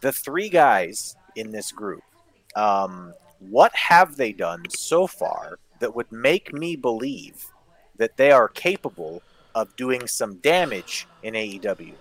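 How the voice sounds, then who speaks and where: Lower-voiced man in a dry close mic. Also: sing-song, slow pace, dry recording. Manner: rambling, mocking. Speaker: podcast co-host. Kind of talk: casual wrestling review chat.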